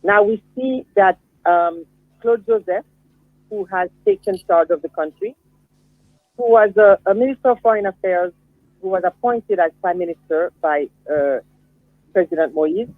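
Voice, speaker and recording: A woman, a guest commentator, giving a measured explanation with frequent fillers in a phone-in discussion. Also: fairly low pitch, dry recording. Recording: tinny, dry phone line.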